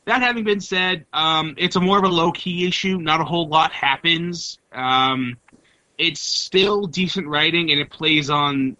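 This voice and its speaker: Man, podcast co-host, very bright sharp voice, lo-fi dry recording. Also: mid-range voice, no room sound. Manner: loose and profane, hesitant. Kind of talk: casual comic book review chat.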